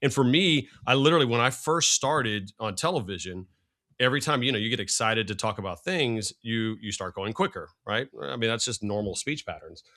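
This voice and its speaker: Middle-aged guy talking super fast and excited, bright tone, rambles a lot. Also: medium pitch. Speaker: guest, TV sports analyst. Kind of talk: casual podcast chat.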